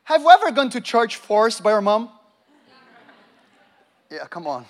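A man's voice: sits high, very animated, measured pace. A man preaching a sermon, telling a testimony with acted-out dialogue and asking the audience questions. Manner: storytelling, acts out dialogue, engages the audience.

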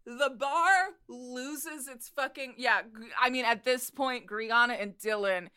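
A woman's voice: on the high side, fairly even intonation, unhurried, sharp tone, clean tone. A woman running a tabletop game as game master, casual, swearing freely and laughing often.

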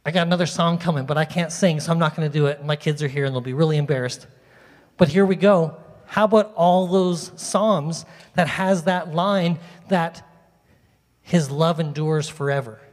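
A man preaching a sermon to his congregation in a lively, conversational way, asking them questions and drawing them in. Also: a little high, normal speed. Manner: animated, conversational, talks directly to the congregation. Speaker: pastor. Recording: long reverb of a large hall.

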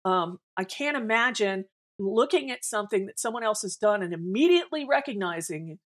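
A woman's voice: mid-range voice, lively intonation, a little fast. A woman co-hosting a podcast in casual chat, blunt and opinionated, often restarting her sentences.

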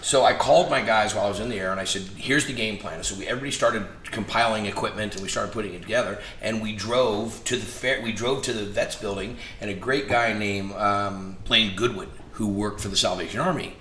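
A man's voice: fairly low pitch, fairly quick, hardly any pauses. A man guest in a conversation, telling stories animatedly and acting out the dialogue. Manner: animated storyteller, acts out quoted dialogue. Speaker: interview guest. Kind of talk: casual storytelling in conversation. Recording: echoey room with faint noise.

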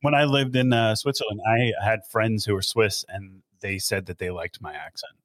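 A man's voice: lowish voice, fairly even intonation, normal speed, fairly bright tone, dry recording. A man joining a casual podcast chat, joking and teasing about accents.

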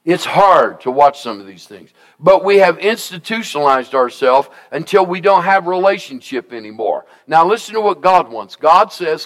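A man's voice: high voice, animated, normal speed, fairly bright tone, reverberant. A male pastor preaching a sermon in a call-and-response style, asking the congregation for amens and repeating his key lines for emphasis.

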